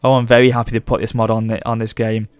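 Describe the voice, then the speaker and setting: Excitable man narrating gameplay. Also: medium pitch, quick pace, clear, resonant tone, no room sound. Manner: excitable, gushing with delight. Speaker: let's play host. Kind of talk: gameplay commentary.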